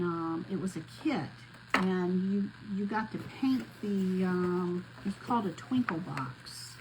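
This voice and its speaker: A woman's voice: mid-range voice, noisy background. A woman chatting casually to her viewers while she wraps gifts and labels handmade ornaments at home, calling them y'all. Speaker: crafting vlogger. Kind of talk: casual crafting chat to viewers.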